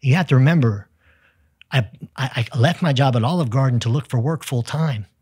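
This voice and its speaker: A Texan man, a sales executive, telling lively business stories as a podcast guest, acting out the people in them. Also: mid-range voice, a little fast, slightly rough, no echo, clean studio sound. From United States. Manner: energetic, tells stories with quoted dialogue. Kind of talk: storytelling in conversation.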